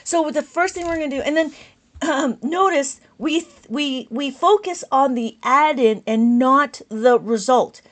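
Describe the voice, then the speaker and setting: Loud, high-voiced enthusiastic woman teacher. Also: measured pace. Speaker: abacus teacher. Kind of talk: live-streamed lesson reading viewer comments.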